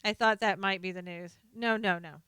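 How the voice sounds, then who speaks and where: Reading viewers' comments and chatting with them, this middle-aged woman runs a relaxed live stream full of excited laughter and exclamations. She has a smooth, mid-range voice at a moderate pace, with no echo.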